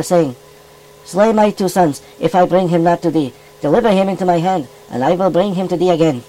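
A cheerful furry animal rabbi, played by a man, reads scripture aloud in a high, chirpy voice. His delivery is folksy and emphatic, leaning into the old-fashioned wording like a children's puppet show. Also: a little mellow, natural voice, poor audio. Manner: folksy, emphatic King James reading. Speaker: scripture reader. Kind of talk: puppet-style children's Bible reading.

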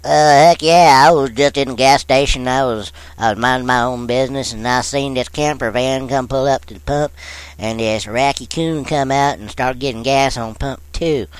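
Folksy, smooth-voiced country man. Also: mid-range voice, normal speed, no room sound, low-quality recording. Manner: folksy drawl with rustic grammar. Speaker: on-scene witness. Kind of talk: comic rural storytelling.

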